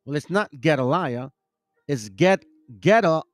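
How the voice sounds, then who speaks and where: A bible teaching channel host leads a casual talk, reading verses aloud in a somewhat high, expressive voice at a moderate pace with no echo. He rambles and trips over names, correcting himself as he goes.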